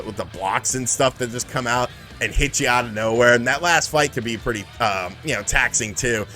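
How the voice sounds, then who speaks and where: A man casually telling a profane, animated story about retro video games, acting out the people in it. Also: mid-range voice. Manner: profane, animated, acts out the people in his stories. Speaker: channel host.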